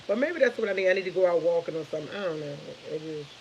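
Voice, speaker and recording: A woman's voice: fairly low pitch, lively intonation, very fast, darkish tone, dull audio. Chatty rambling woman with a faint hiss. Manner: rambling, chatty, laughs often. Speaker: live stream host. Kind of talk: casual morning chat to viewers.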